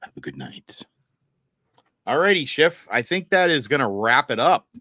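Male podcast host, mid-pitched, easygoing quiz asker, dry recording. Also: very animated, sharp tone, no room sound. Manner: quick-fire quiz questions, laid-back. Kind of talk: casual podcast chat.

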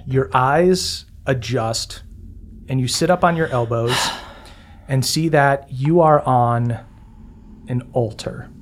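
A man's voice: medium pitch, slow pace. A man narrating as game master of a tabletop game, laughing often and keeping things light. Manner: laughs often, upbeat and joking.

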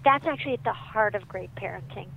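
A woman joins by phone, so her voice comes through thin and tinny with a faint hiss behind it. She speaks with animated emphasis and acts out the people she quotes. Her pitch sits in a middle range. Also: fast, vocal fry. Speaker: guest parenting author. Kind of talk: interview on parenting. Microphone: phone line.

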